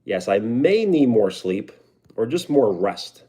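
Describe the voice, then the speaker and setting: Chatty New York man, lively pitch. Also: slow pace, husky. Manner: relaxed, chatty, answers viewer comments. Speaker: livestreamer. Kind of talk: casual live stream chat.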